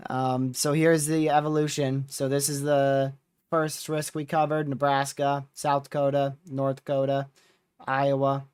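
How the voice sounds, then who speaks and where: Yawning and tired, a man running a weather livestream rambles through what happened over past days, relaxed and full of fillers. His mid-range voice moves slowly with a clean tone and no room sound.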